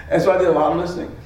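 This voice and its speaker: Pastor guy preaching on marriage, kinda high voice, big echoey hall, mic a bit far off. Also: slight background noise. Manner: animated, acts out arguments with repeated phrases. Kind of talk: sermon teaching on marriage.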